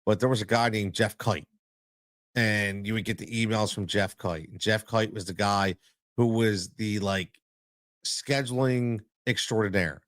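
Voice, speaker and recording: A man's voice: fairly low pitch, measured pace, fairly bright tone, no room sound. A man hosting a solo podcast as a youth coach, talking in a blunt, emphatic way and repeating his points for stress into a close mic. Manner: blunt, plain-spoken.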